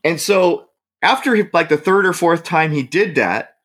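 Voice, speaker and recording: Speaking a little high and a little slowly, a man from the Bay Area tells a story as a guest in casual conversation. He's animated, laughs, and acts out what people said.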